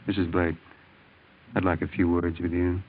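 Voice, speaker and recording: A measured, evasive doctor with a very deep, low voice, speaking steadily to soothe his patient. The sound is thin and tinny like a phone line, in the style of vintage radio drama. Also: level tone, slightly rough. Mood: calm. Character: calm, guarded male family doctor. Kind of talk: old-time radio drama acting.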